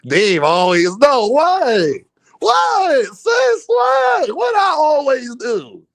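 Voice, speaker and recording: A Philadelphia man who hosts a boxing livestream banters casually with his chat from a home streaming setup, animated and profane, joking and laughing often. His raised voice sits high with wide pitch swings, drawn-out words and vocal fry. The recording is dry and close, with no echo or room sound.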